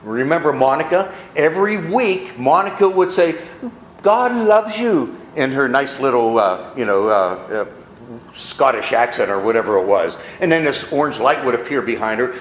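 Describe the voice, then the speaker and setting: A man's voice: mid-range voice, moderate pace, echoey room, a little hiss or hum. A man preaching a sermon to a congregation, leaning into emphatic phrases. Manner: preaching with rising emphasis, mocking quotes. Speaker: pastor. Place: church.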